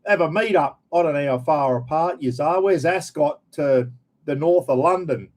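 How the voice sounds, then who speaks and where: A middle-aged Australian man with a slightly high voice hosts a casual livestream at a moderate pace. Friendly and rambling, he greets viewers and calls everyone "mate," sprinkling in plenty of "bloody" as he chats.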